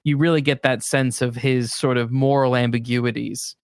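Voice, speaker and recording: A man's voice: medium pitch, fairly even intonation, normal speed, smooth, no room sound. A male podcast host chatting casually about a TV show, enthusiastic and laughing easily. He restarts his sentences often and talks in an eager rush. The mic is close and dry, with no room sound. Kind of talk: casual film discussion.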